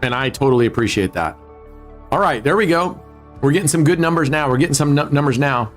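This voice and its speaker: A man's voice: a little high, expressive, quick pace. Guy hosting a casino stream, jokey and swears a lot, faint music behind. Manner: joking, profane, talks to chat viewers. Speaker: livestream casino host. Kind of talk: casual live-stream chat.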